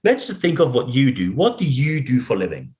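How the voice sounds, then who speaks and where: A German-accented man delivers a solo podcast monologue on leadership, speaking English as his second language. He talks emphatically, restating phrases to drive each point home, in a voice of middle pitch. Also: very animated, fairly quick, darkish tone. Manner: emphatic, repeats phrases for effect. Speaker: podcast host and leadership coach.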